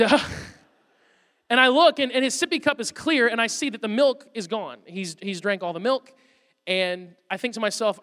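A man in his thirties, a pastor preaching a sermon, telling a funny, animated story about his son. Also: high-pitched. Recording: long hall reverb.

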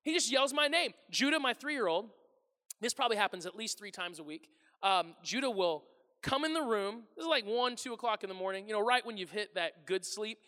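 A man in his thirties preaches to a congregation with a very high, bright, forceful voice. He tells comic stories about his family, lively and self-deprecating, and slips into voices for his family. His voice rings with the long reverb of a large church hall. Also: brisk. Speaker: pastor. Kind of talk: humorous sermon storytelling.

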